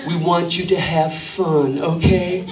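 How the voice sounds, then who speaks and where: Brief: man voicing soft, encouraging American dad, drawn-out, distant roomy sound. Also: on the high side, fairly even intonation, voice pushed down. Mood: reassuring. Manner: soothing, reassuring, drawn out. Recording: echoey church hall from a distance.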